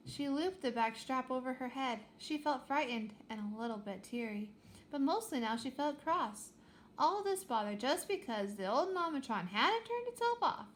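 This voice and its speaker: A woman's voice: high-pitched, moderate pace, slight background noise. Woman reading a storybook aloud. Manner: lively expressive storytelling. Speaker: reader. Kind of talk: reading a children's book aloud.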